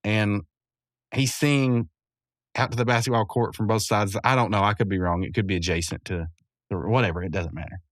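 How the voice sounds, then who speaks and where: A man's voice: on the low side, fairly even intonation, brisk, no room sound, clean studio sound. Rambling man recapping an episode. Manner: rambling, chuckles often, self-correcting. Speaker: podcast host.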